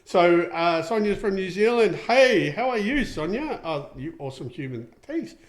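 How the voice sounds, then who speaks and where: A middle-aged Australian man hosts a casual livestream show, chatting and rambling with plenty of ums as he reads viewer comments aloud. His voice is high-pitched with lively intonation, and he moves at a moderate pace.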